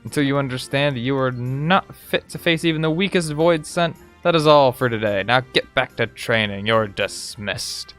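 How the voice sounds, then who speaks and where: A man reading out a gruff, harsh male Marine drill sergeant from a video game, barking insulting commands. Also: mid-range voice, normal speed, hardly any pauses, fairly bright tone, soft background music, natural voice. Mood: scornful.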